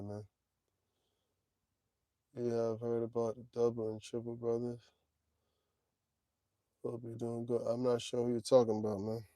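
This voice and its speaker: 40 yr old guy on a livestream, mellow dark voice, dry close sound, easygoing. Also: medium pitch, no room sound. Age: 40s. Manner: laid-back, talks straight to chat, drawls "man" and "y'all". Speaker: trucking livestream host. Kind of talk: casual livestream chat.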